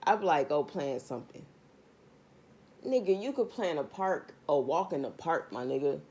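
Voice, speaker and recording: A woman's voice: deep voice, sing-song, a little fast, a little mellow, husky. A woman doing a casual tarot reading vlog, talking straight to her viewers in a blunt, profane rant. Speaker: tarot reader.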